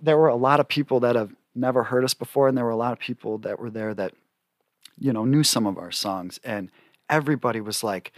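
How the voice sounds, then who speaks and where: Profane, animated musician telling a story. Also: male voice, mid-range voice, brisk, dry recording, clean studio sound. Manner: animated, profane, laughs often, lots of fillers. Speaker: guest musician. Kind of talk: casual storytelling.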